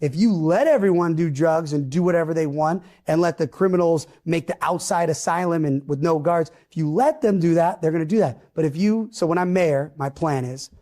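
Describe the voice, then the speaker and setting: A man's voice: on the high side, brisk, hardly any pauses, mellow. A man on a podcast laying out his plans as a mayoral candidate in plain, emphatic talk. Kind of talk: podcast interview.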